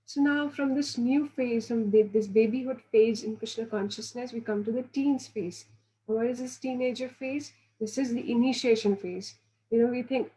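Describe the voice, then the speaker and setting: A woman delivers an earnest devotional lecture in a fairly high but mellow voice. She teaches patiently, often restarting her phrases and slipping into the voices of the people she quotes. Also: fairly even intonation, normal speed, poor audio. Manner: earnest, instructive. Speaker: spiritual teacher.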